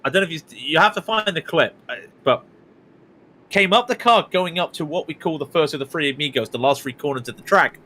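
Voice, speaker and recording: A man from Britain calling a sim race live, chatty and excitable, his voice rising on the big moments. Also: fairly high pitch, fairly quick. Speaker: sim racing commentator. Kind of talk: live esports race commentary.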